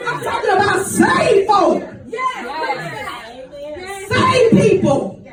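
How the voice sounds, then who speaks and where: A woman preaching a fiery sermon in a sing-song cadence, shouting her points while a congregation answers. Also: very high-pitched, animated, slow, over a noisy crowd, very noisy. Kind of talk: fiery call-and-response sermon. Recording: echoey church hall, distant mic. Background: church music and responding congregation.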